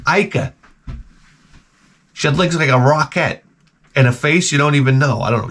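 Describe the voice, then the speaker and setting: A man's voice: mid-range voice, a little fast. A man hosting his own channel, telling rambling comic stories with lots of swearing and stammered restarts. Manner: animated, profane, stammering restarts. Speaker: retro game channel host. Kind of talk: rambling comedic rant.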